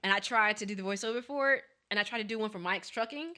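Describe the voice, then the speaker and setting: A young woman who talks fast and animated, chatting casually as a podcast co-host. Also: medium pitch. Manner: fast-talking, animated, self-deprecating. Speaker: co-host, daughter. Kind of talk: casual chat.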